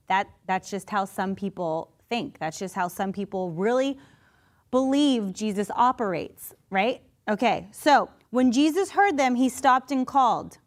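A woman preaching a sermon in a conversational, animated way, with restarts and asides, sometimes acting out quoted voices. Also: mid-range voice, measured pace. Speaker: pastor.

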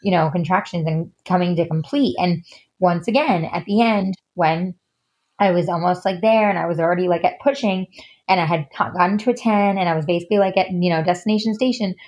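A woman's voice: lowish voice, brisk, a little mellow. Chatty woman telling her story. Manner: chatty, heavy use of fillers like "you know" and "like". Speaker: podcast guest. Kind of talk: candid storytelling in an interview.

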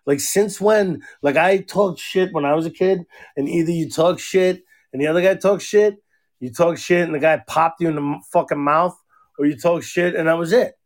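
A middle-aged man co-hosting a casual podcast, swearing freely and getting excited enough to shout. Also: fairly high pitch, moderate pace. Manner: profane, excitable, shouts when riled up. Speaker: podcast co-host. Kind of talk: casual chat.

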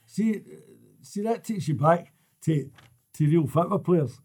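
An older Scottish man with a slightly high, husky voice swaps football stories in relaxed conversation, speaking at a measured pace. He's a lively storyteller who laughs his way through each tale.

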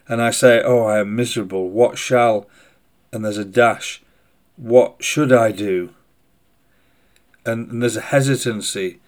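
A man hosting a podcast, speaking a slow, thoughtful spoken meditation with hesitant phrasing. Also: lowish voice. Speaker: podcast host. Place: indoors by a window in the rain.

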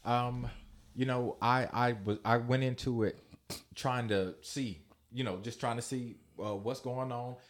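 A man co-hosting a casual conversation, relaxed and hesitant as he thinks aloud. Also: medium pitch, unhurried. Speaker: co-host.

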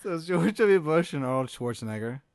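A man's voice: on the high side, lively intonation, a little fast, darkish tone, no echo, clean studio sound. A man as a guest on a comedy podcast, bantering casually and firing off incredulous questions.

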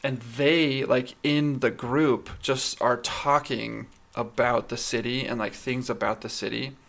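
Gravelly man in casual podcast chat. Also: medium pitch, fairly even intonation, measured pace, a bit bright. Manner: enthusiastic, laughs while retelling scenes. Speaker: podcast co-host.

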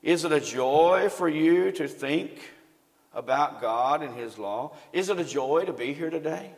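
A man's voice: fairly high pitch, expressive, a little slow, creaky. Folksy preacher man in an echoing hall. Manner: folksy, asks the congregation questions. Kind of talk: sermon. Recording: long hall reverb.

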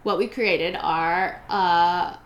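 A woman's voice: lowish voice, steady tone, very slow, lo-fi sound. Earnest, reflective woman host. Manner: earnest, reflective, thinks aloud. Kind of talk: casual chat.

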